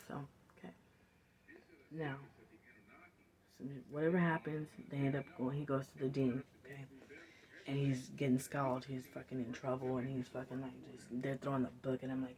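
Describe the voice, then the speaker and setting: Man, gravelly, casual profane talker, slips into quoted voices. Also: medium pitch, steady tone, moderate pace, a little mellow. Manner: profane, rambling, acts out quotes. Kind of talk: casual monologue.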